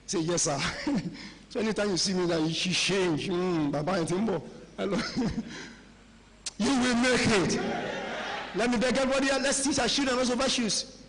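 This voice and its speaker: Middle-aged Nigerian-accented pastor, higher voice, conversational sermon delivery, long hall reverb. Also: male voice, brisk. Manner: conversational preaching, mixing pidgin and Yoruba phrases. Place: large church hall.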